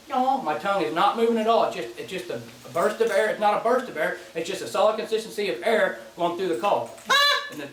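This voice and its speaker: Folksy high-voiced man demonstrating goose calls. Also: slight background noise. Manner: relaxed, folksy, repeats and restarts phrases. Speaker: goose call instructor. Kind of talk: casual spoken demonstration. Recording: distant mic in an echoey space, faint clicking.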